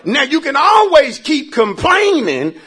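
A pastor preaching to his church, calling for responses and rising into shouts. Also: very high voice, huge pitch swings, measured pace. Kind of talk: call-and-response sermon.

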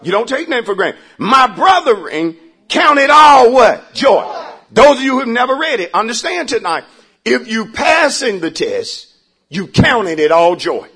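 A pastor preaching to his church, calling for responses and rising into shouts. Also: high-pitched, sing-song, moderate pace, breathy edge. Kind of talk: call-and-response sermon.

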